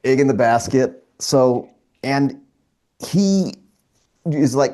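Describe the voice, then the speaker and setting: Mellow-voiced middle-aged man telling a story. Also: medium pitch, slow. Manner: animated storyteller with many restarts. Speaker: podcast co-host; father. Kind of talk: casual chat.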